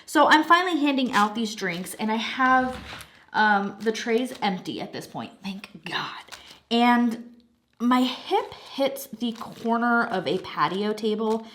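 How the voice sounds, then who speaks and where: A young adult woman chats casually over her craft project. She tells stories in an animated way, laughs often and swears now and then. Her voice is a little snuffly from a lingering cold. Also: on the high side, measured pace, slight background noise. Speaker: craft channel host. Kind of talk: casual chat while diamond painting.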